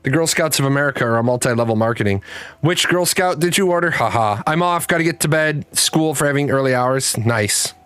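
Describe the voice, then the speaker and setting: A man's voice: medium pitch, a little fast, a bit bright, smooth, no echo. A man hosting a live streamed show, chatting casually and rambling through stories with frequent restarts. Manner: rambling storyteller, restarts, talks to his cat. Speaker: livestream show host. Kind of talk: casual chat with chat readers.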